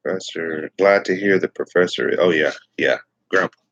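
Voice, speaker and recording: A man's voice: sits low, normal speed, fairly bright tone, husky, no room sound, highs cut off. A middle-aged man from Texas hosting a casual morning livestream, rambling with many fillers and restarts. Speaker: livestream host.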